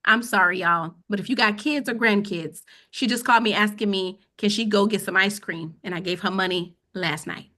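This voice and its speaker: Woman, financial educator, bright voice, casual webinar, conversational, says "okay?" a lot. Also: mid-range voice, normal speed, hardly any pauses. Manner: conversational, repeats "okay?" to check in.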